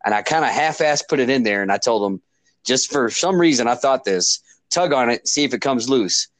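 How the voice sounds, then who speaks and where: A man's voice: mid-range voice, brisk, no echo. A man chatting casually on a podcast, telling a family story. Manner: lively, chuckling storyteller.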